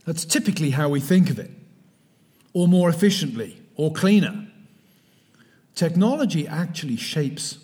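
A middle-aged man from the West Country of England with a West Country accent, giving a measured, emphatic sermon-style lecture that sinks to a hush on key words. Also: on the high side, lively intonation, slightly rough. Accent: West Country English.

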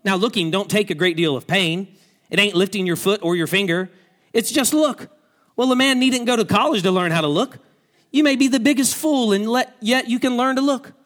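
A man voicing a thin, gangly lay preacher who pleads loudly and keeps repeating himself with heavy emphasis. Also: high-pitched, brisk, pitched above the performer's own voice. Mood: emphatic. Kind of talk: dramatic quoted preaching.

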